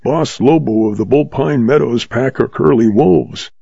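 Brief: man doing a steady soft-spoken cowboy, husky and dry. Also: mid-range voice, unhurried, no room sound, exaggerated voice. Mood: quiet. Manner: speaks quietly. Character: young cowboy hero, quiet and steady. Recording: dull lo-fi recording.

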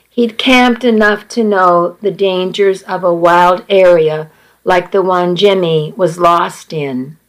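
A woman reading a first-person story aloud at an unhurried pace, with small restarts. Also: mid-range voice, poor audio. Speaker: narrator reading a novel aloud. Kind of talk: first-person audiobook narration.

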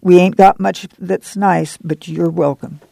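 A woman's voice: lowish voice, steady tone, measured pace, creaky, mellow, no echo. Weary, guarded migrant mother, read by a man, plain rural speech, storybook reading, dry close sound. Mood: warming. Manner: folksy rural dialect speech.

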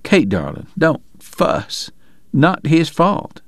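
A man's voice: mid-range voice, takes it slowly, fairly bright tone, clear, resonant tone, no echo, clean studio sound, voice pushed up. A man doing a weak, mumbling sick man. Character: gravely ill consumptive man, weak.

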